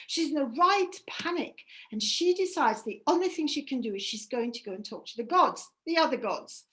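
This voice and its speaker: A woman storyteller telling a myth aloud at a workshop, dramatic, moving between hushed and loud. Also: high voice.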